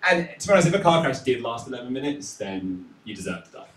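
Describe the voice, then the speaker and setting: A man's voice: medium pitch, big pitch swings, fast talker. A man doing a stand-up set in a comedy club, telling anxious, self-mocking stories. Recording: echoey, distant club recording with faint noise.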